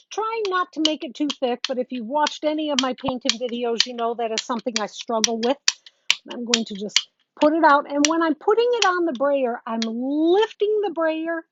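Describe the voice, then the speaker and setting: A woman teaching quilting in a live demonstration, chatting casually as she works and greeting viewers. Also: high-pitched. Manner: chatty, talks while working, greets viewers. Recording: dull lo-fi sound with faint noise.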